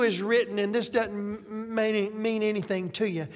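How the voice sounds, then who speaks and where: A pastor delivers a sermon slowly and conversationally, often pausing to check in with the listeners. The voice sits at a middle pitch. It is recorded with long reverb in a hall. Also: flat delivery. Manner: conversational, checks in with tag questions.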